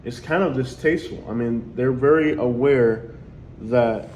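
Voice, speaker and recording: A man's voice: mid-range voice, a little slow, a little mellow, a little hiss or hum. A man who runs a YouTube channel, talking casually to his viewers in an indignant, complaining way. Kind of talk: casual vlog.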